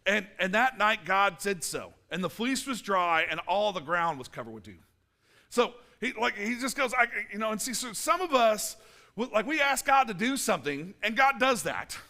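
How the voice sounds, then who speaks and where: Man, pastor, sermon, high bright voice, playful, acts out scenes. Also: moderate pace. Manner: animated, playful, acts out little scenes and quotes. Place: church.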